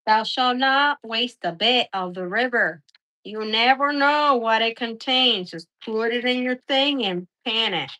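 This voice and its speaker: A woman's voice: on the high side, a little slow, bright, forceful tone. A woman hosting a casual live stream, chatting and rambling through stories as she shows her gear.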